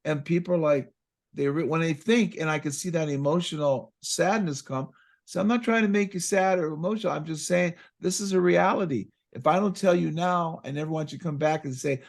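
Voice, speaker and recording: Excitable, animated man telling stories. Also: fairly high pitch, normal speed. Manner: animated, excitable storyteller acting out patient exchanges. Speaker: chiropractic practice coach. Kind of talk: casual conversational talk.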